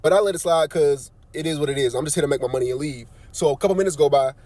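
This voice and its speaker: A man with a high, light voice tells a work story at a quick clip. He is animated and slangy, and his voice leaps up whenever he quotes himself or his coworkers. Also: no room sound. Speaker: nursing aide on night shift. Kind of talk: casual storytime.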